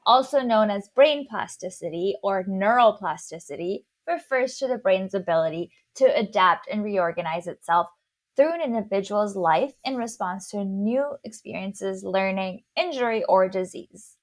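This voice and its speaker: A woman's voice: medium pitch, lively intonation, moderate pace. A woman hosting a podcast, walking through a science topic in casual chat. She has a slight lisp and a mid-range voice. She stumbles and restarts on long words. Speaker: podcast host.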